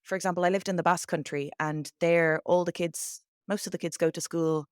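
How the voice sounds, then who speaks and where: A woman with a Dublin Irish accent talks as an interview guest, a teacher who tells anecdotes with energy and slips into the voices of the people she quotes. Her voice sits a little low for a woman. The sound is dry and close, with no room around it. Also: a little fast, clear, resonant tone, no room sound. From Ireland. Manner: animated storyteller, acts out quoted voices. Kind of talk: conversational interview. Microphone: remote call mic.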